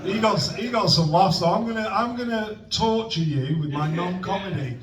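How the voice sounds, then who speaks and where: A man's voice: high-pitched, moderate pace, crowd noise. Young male stand-up, rambling and self-mocking, recorded at a distance in a reverberant venue. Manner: self-deprecating, awkward, trailing off mid-joke. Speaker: stand-up comedian at an open mic. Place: comedy club stage with audience. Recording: roomy venue sound from a distant mic.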